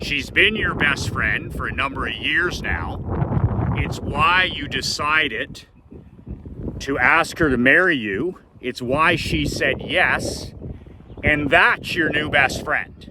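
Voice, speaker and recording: A man's voice: medium pitch, unhurried, noisy background, lightly acted. A man voicing his stern father, an older man who bluntly scolds his son. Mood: stern lecturing. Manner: blunt, lecturing, emphatic.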